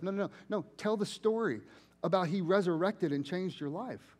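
A man preaching a sermon, telling personal stories conversationally and switching between loud and hushed delivery. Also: sits high, fairly quick. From United States. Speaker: pastor. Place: church sanctuary.

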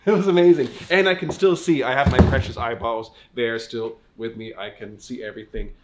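A man's voice: mid-range voice, fairly even intonation, brisk, noisy background. Store staffer, male, stuffy-nosed and muffled, hamming it up with mock-formal flourishes in a casual fit check. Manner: playful, mock-grandiose. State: congested, muffled voice. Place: clothing store.

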